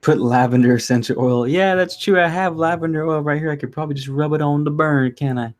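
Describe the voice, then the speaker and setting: A man's voice: fairly high pitch, fairly quick. A young man hosting a candlelit reading at home, chatting casually and rambling through an intermission, swearing freely. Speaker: reader and host. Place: home with candles and a resin burner.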